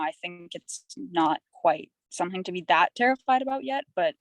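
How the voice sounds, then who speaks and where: A woman's voice: lowish voice, lively intonation, a little fast, hardly any pauses, no echo, low-quality recording. A young woman from Canada, a podcast guest, telling her story in a rambling, candid, chatty way. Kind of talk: candid casual conversation.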